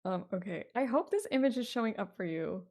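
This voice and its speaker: A woman running a tabletop horror game as game master, narrating in a relaxed, hesitant way with many fillers. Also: medium pitch, a little fast.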